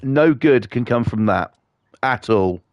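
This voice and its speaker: A man's voice: medium pitch, animated, slow, dry recording, muffled recording. A British man streaming a game, ranting bluntly and swearing constantly as he chats to viewers. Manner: profane, blunt, scornful. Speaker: livestreamer.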